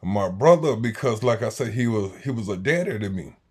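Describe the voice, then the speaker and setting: A man, telling a story in slangy casual talk that swings between loud and quiet. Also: fairly low pitch, animated, fairly quick, slightly rough. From Jacksonville, Florida, US. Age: 40s.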